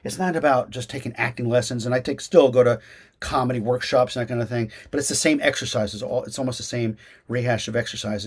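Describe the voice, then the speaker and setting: A man, an actor and acting teacher, giving casual interview answers over a video call, talking in an animated way with many restarts and fillers. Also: medium pitch.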